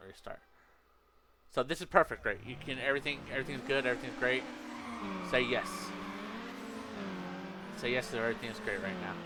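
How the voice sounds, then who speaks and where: A man's voice: medium pitch, a little fast, long pauses, background noise. A man streaming a game, rambling casually to his chat, often stopping to correct himself. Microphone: headset. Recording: racing game audio loud underneath. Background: racing game engine sounds.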